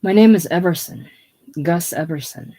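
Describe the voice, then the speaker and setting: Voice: medium pitch, normal speed, mellow, close to an everyday voice. A reader voicing Gus, an earnest, apologetic Austrian mechanic with a slight German accent, polite and eager to be welcomed. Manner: polite, eager, self-effacing.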